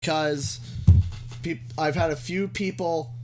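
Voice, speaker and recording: A man's voice: a little high, steady tone, takes it slowly, soft background music. A young man from Canada, chatting casually and joking in a rambling way while live-streaming a game.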